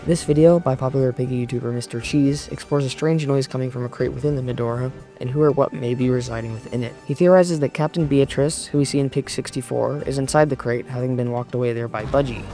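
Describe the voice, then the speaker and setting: A man giving a measured, explanatory scripted narration for an online video essay, recorded close to a mic. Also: mid-range voice, fairly even intonation, warm tone. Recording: voice-over with faint background music.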